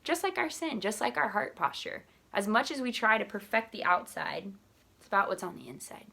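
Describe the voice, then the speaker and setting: A young woman who works in church ministry, telling a personal story to her vlog audience in a lively way and acting out the voices of the people in it. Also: mid-range voice, a little fast, gravelly, slightly rough. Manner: animated, acts out quoted voices.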